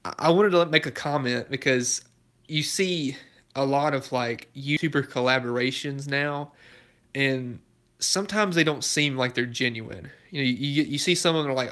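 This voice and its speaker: Bright-voiced young man chatting casually. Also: mid-range voice, normal speed. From Alabama, US. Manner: laughs often, easygoing and talkative. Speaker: YouTube car channel host. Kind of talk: casual chat answering live viewer comments.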